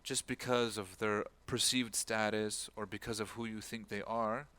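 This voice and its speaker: A man's voice: on the low side, little pitch movement, normal speed, bright, forceful tone, smooth. A man giving an informal religious talk as an imam, telling a story and acting out the people in it with a raised voice, and dropping Arabic words and phrases into his speech. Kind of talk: talk-style religious lecture.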